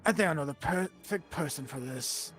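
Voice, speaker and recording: A man plays his character in a tabletop game, slipping between in-character lines and casual asides. His voice sits slightly high. Faint music plays behind him. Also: normal speed, a bit bright. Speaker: player.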